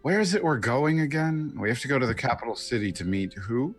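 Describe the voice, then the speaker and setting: A man voicing a calm, wry adventurer keeping up a bluff in a tabletop game, in an offhand, easy delivery. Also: medium pitch, fairly quick, faint music behind, lightly acted. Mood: casual bluff.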